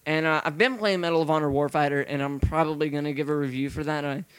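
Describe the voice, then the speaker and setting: A man's voice: on the high side, fairly even intonation, quick pace, clean tone, no echo. Rambling young man hosting a podcast. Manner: rambling, lots of fillers and restarts. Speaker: podcast host. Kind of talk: casual gaming podcast chat.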